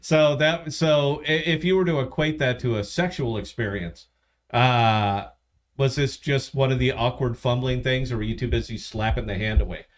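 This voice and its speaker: A man's voice: mid-range voice, fairly even intonation, moderate pace. Joking, rambling man hosting a tasting stream. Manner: joking, teasing, rambling with restarts. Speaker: podcast co-host. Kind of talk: casual chat on a bourbon tasting stream.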